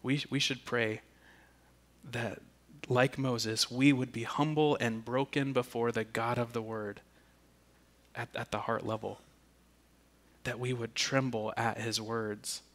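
A man preaching a sermon, deliberate and earnest, often repeating a word as he restarts. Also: medium pitch, steady tone, a bit bright. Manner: slow and deliberate, with emphatic restarts. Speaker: pastor.

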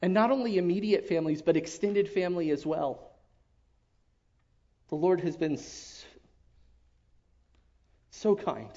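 A man giving an emotional personal testimony to his church, earnest and halting, often dropping to a hush. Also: high-pitched. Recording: dull lo-fi recording.

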